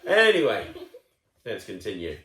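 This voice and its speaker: Man, storyteller, picture book read-aloud, playful, chatty asides, animated pitch, echoey room. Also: unhurried. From United Kingdom. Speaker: children's storyteller. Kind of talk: reading a picture book to a child.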